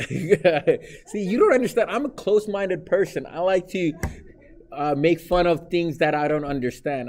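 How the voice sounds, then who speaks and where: A man's voice: a little high, darkish tone. Joking man teaching a math class. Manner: teasing, joking with students. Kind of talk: live classroom lecture.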